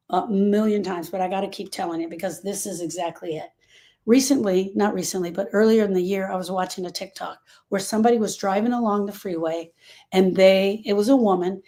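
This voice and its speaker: A woman's voice: medium pitch, dark tone. A woman hosting a show on grief, who tells stories emphatically and conversationally and repeats phrases for weight. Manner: emphatic, repetitive, conversational storytelling. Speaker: podcast host. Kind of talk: heartfelt motivational talk on grief.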